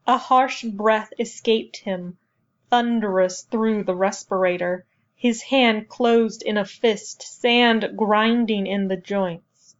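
A woman reading a novel aloud as narrator, in a measured, even storytelling manner. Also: mid-range voice, dull audio. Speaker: audiobook narrator. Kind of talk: scripted narration.

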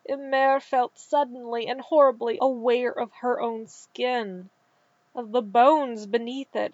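A woman reads a story aloud slowly and calmly, her voice a little high. The recording sounds dull and muffled. The sound is dry, with no room echo. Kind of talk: scripted narration.

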